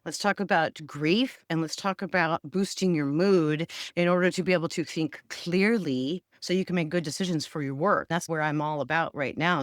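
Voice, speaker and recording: A woman's voice: low-pitched, no room sound, studio quality. A middle-aged woman, a radio personality and therapist, talking candidly and emotionally in a personal vlog. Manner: emotional, candid, tearful at times.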